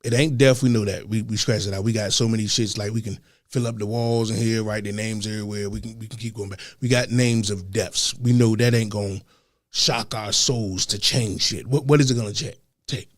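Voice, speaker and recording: A man co-hosting a talk show, ranting with heavy profanity and swinging between loud and soft. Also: on the low side, steady tone, fairly quick, no echo, clean studio sound. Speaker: podcast co-host. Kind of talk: heated casual talk.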